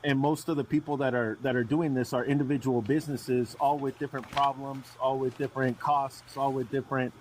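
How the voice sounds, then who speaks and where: A man's voice: mid-range voice, steady tone, fairly quick, hardly any pauses, a little hiss or hum, poor audio. A man hosting a live trucking podcast. He asks probing questions and often restarts and repeats himself. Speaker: podcast host.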